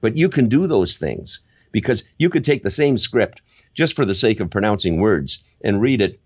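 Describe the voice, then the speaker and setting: An older man and voiceover veteran, chatting in an interview and acting out quick examples as he explains. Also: fairly low pitch, breathy edge, no echo, lo-fi sound. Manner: animated storyteller, acts out examples. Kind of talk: casual interview chat.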